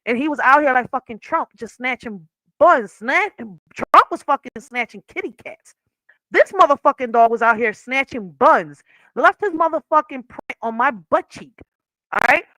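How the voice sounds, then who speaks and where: Bright, laughing woman telling a profane story. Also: high voice, expressive, moderate pace, dry recording, rough recording. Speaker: livestream host. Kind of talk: casual livestream chat. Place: at home, sitting on a chair. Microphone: wearing headphones.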